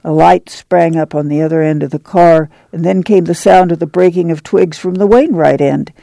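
Gravelly, mellow male audiobook narrator. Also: fairly high pitch, fairly even intonation, moderate pace, dry recording.

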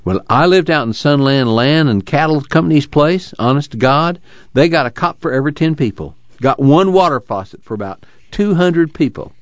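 A man's voice: on the high side, expressive, normal speed, dry recording, pitched above the performer's own voice, natural voice. A man voicing a sad, earnest young migrant with a rural drawl. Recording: dull lo-fi dry recording.

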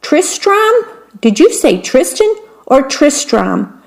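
A fretful young queen from a fairytale, voiced by a woman reading aloud. Her voice climbs very high, anxious and insistent. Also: very animated, takes it slowly, vocal fry, exaggerated voice. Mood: guessing. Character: young girl who becomes queen, anxious.

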